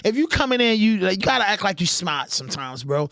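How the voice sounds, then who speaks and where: A man's voice: high-pitched, fast talker, vocal fry. A man with a Baltimore accent hosting a podcast, telling stories in a casual, emphatic way. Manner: animated, storytelling, emphatic. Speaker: podcast host. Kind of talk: casual chat.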